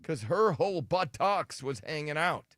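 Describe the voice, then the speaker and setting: A man's voice: fairly high pitch, lively intonation, unhurried, a bit bright, dry recording, studio quality. A man hosting a morning radio show, joking crudely and trading banter with his co-hosts. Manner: crude joking, mock-whiny impressions.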